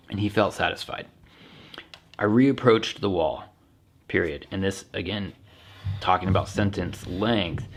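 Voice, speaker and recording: Man, deep voice, young adult, relaxed teacher explaining, thinking aloud. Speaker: English teacher. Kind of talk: casual classroom explanation. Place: home.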